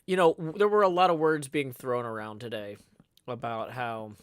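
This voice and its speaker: A man's voice: medium pitch, steady tone, normal speed, smooth. A man hosting a casual livestream, talking in a rambling, irritated way with many restarts. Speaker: livestream host.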